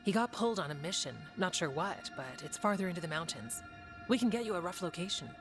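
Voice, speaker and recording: An actress voicing a steady, practical woman warden in a video game, calm and matter-of-fact. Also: lowish voice, fast, natural voice. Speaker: warden ally character. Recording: game audio with music.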